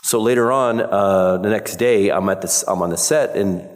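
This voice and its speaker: Low-voiced man telling stories in a hall. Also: moderate pace. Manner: rambling storyteller with fillers and laughs. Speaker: actor on a convention panel. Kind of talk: casual anecdote telling. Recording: echoey convention hall.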